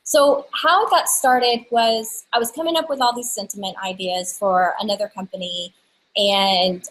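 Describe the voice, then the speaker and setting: A woman in her thirties with a somewhat high voice, talking about her work in a relaxed interview. She tells it as a chatty, lively story, often restarting her sentences as she goes. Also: low-quality recording. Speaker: guest, stamp designer. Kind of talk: casual interview chat.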